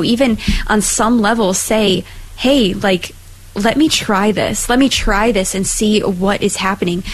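A woman's voice: mid-range voice, rough recording. A woman hosting a faith conversation who affirms her guest and gathers her thoughts with lots of fillers as she poses questions. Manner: affirming, many fillers, searching for words. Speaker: podcast host.

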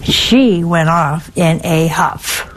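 A woman's voice: lowish voice, slow, low-quality recording. A woman, a nun, giving a spiritual talk with folksy stories and pointed rhetorical questions. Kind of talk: sermon.

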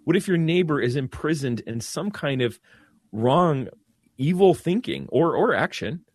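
A man's voice: on the high side, measured pace, no echo, clean studio sound. A man who is a Catholic priest, talking earnestly in a casual discussion, often restarting his sentences. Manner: earnest, animated, many restarts.

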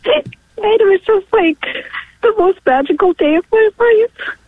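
A woman's voice: very high voice, lively intonation, measured pace, no room sound. A woman in her forties calling in from New York, emotional and tearful, apologizing as she speaks. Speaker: caller. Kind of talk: phone-in call. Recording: tinny dry phone line.

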